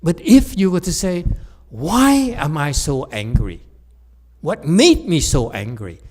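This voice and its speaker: A man giving a teasing dharma lecture in a Buddhist hall, laughing often, repeating himself, and moving from soft asides to loud emphasis. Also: on the high side, very animated, slow pace.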